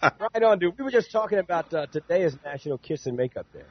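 A man's voice: high-pitched, animated, fast talker, dull audio. Joking man co-hosting morning radio. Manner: jokey, teasing. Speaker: radio co-host. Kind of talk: casual morning radio banter.

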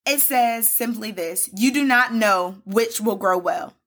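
A woman hosts a solo faith podcast and preaches with fervent, repetitive emphasis, calling her listeners "baby" and "y'all". Her voice sits somewhat high. It has a bright, forceful edge. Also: unhurried. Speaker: podcast host.

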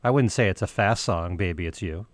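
A man's voice: low-pitched, fairly quick, no room sound. Man, radio host, music talk, questioning, dry close sound. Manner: questioning, conversational. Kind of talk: casual music discussion.

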